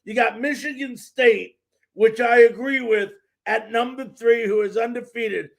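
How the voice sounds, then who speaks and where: A man's voice: very high-pitched, fairly even intonation, a little slow, creaky. A man hosting a live sports talk show, ranting with fired-up frustration and repeating words for emphasis.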